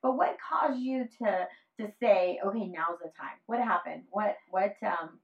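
A woman's voice: mid-range voice, unhurried. An older woman hosting a casual conversation, telling a family story with laughter and often saying "mm-hmm" in agreement. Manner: warm storytelling, laughing, affirming. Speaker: host. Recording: distant, dull lo-fi audio.

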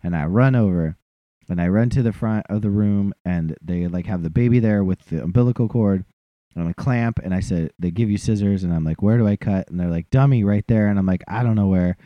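A man's voice: sits low, fairly quick, no echo, highs cut off. A man telling a funny, self-deprecating story in a casual chat and acting out what other people said.

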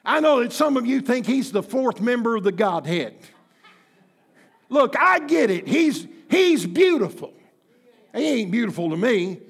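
A pastor in his fifties preaching a sermon in church, impassioned and folksy, with bursts of shouting. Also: very high voice, very animated, unhurried, creaky, slightly rough. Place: church sanctuary.

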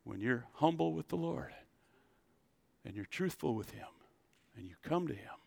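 A pastor preaching a sermon at a church service, animated and calling on the congregation to answer back. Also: male voice, mid-range voice, normal speed, vocal fry, pauses often. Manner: animated preacher, leads the congregation in call-and-response.

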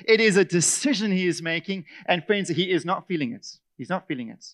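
A man preaching a sermon as pastor, animated, sometimes acting out whiny complaining voices and restarting words when emphatic. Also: high voice, fairly quick, few pauses.

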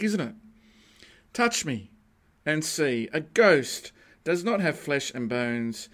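A man preaching a sermon as pastor, animated and emphatic, rising to peaks and then dropping quiet. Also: a little high.

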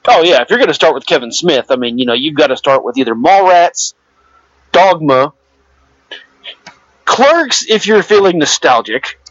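A man's voice: on the high side, lively intonation, moderate pace, long pauses, a bit bright, no echo. Laid-back opinionated man, dull dry audio. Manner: laid-back, filler-heavy, offers opinions. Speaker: podcast co-host. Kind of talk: casual chat.

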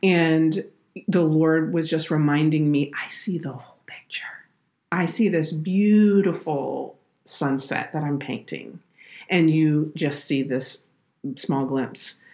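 A low-pitched woman talks on a faith podcast. She tells a personal story in an earnest, heartfelt way. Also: takes it slowly, a little mellow. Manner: earnest, heartfelt, tearful at moments. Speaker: podcast guest, children's minister.

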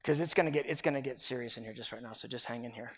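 A middle-aged man preaching a confessional sermon as pastor, earnest and swinging between loud and hushed. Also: mid-range voice, rapid-fire, slightly rough. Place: church sanctuary. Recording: echoey hall with long reverb.

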